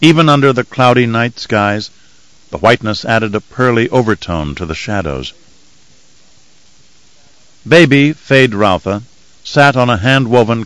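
A man reading an audiobook in measured, even scripted narration. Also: medium pitch, no room sound, low-quality recording.

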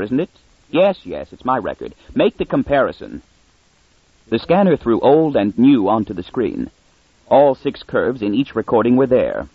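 A man reading an audiobook aloud, measured, shifting his pitch for each character. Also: breathy edge, dry recording. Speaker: audiobook narrator. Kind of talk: scripted narration with character voices. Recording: tinny phone-like sound.

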